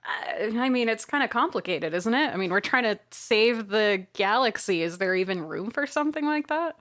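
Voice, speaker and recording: A woman's voice: fairly high pitch, expressive, normal speed, fairly bright tone. A woman chatting and playing her character in a casual tabletop role-playing game, playful and laughing easily.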